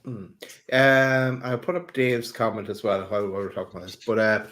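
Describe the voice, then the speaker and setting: A man's voice: on the low side, fairly even intonation, normal speed, background noise. A man co-hosting a casual football podcast, friendly and hesitant with frequent uhs. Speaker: podcast co-host.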